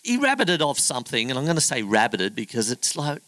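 A man's voice: mid-range voice, wildly swooping pitch, fairly quick, a bit bright, dry recording, rough recording. A middle-aged man preaching a sermon, telling a story in a chatty, humorous way and acting out the other people's voices. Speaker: pastor.

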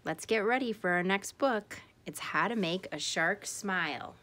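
A woman reading a picture book aloud for children, greeting them warmly and giving each character a voice. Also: medium pitch, a little slow. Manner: expressive, animated character voices. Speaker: storytime reader. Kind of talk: read-aloud storytelling for children.

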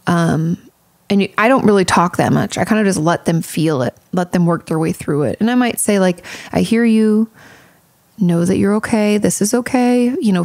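A woman therapist talking through listener questions in a loose, chatty way, frank and a little irreverent. Her mid-range voice has a gravelly, fry-laden edge. The sound is close and dry, with no room around it. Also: lowish voice, a little mellow, no room sound. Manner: chatty, frank, swears casually, many fillers. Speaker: podcast host and therapist. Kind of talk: casual advice podcast.

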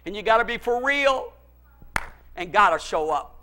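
A male pastor preaching a fervent sermon, dropping to low asides and then shouting pleas, with chuckles between lines. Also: expressive, moderate pace, a little hiss or hum.

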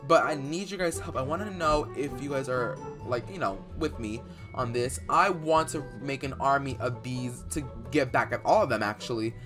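A young man doing dramatic Minecraft role-play commentary, excitable and rambling with fillers, bursting into loud outbursts. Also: mid-range voice, moderate pace. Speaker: YouTuber playing a bee in Minecraft. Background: faint background music.

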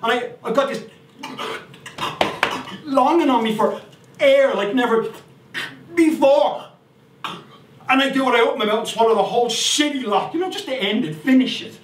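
A man with a Dublin accent performing a comic monologue, telling a profane story with animated outbursts. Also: very high voice, a little fast. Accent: Irish, Dublin. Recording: roomy, distant recording with faint noise.

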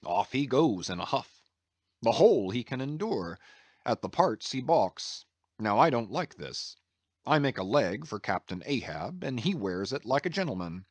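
A man voicing a fussy old ship's carpenter, grumbling, low and quiet, dry close sound. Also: very animated, moderate pace, husky, no room sound. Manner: muttering, hesitant, self-important complaining. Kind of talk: audiobook character reading.

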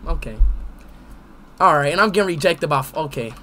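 A young man streaming live while video chatting with strangers, excitable and prone to loud outbursts. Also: on the high side, a little fast, slight background noise.

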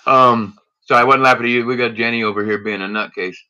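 A man's voice: medium pitch, bright, forceful tone, rough recording. A man hosting a casual home live stream, chatting to viewers and greeting them by name as he searches coin rolls. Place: indoors at home.

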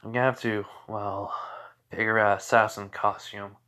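Man voicing a tired young hero, quiet grumbly mutter. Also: fairly low pitch, flat delivery, moderate pace. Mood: grumbling. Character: young male hero, weary and low-key.

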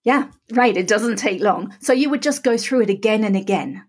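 A woman's voice: on the high side, animated, moderate pace, breathy edge. A middle-aged woman, a podcast guest, patiently walking the listener through a tapping technique step by step and speaking the practice phrases aloud. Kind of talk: calm step-by-step instruction.

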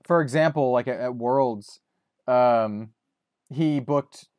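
A man's voice: mid-range voice, takes it slowly, a little mellow, no echo. A man hosting a podcast, chatting casually with lots of fillers and restarts. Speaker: podcast host.

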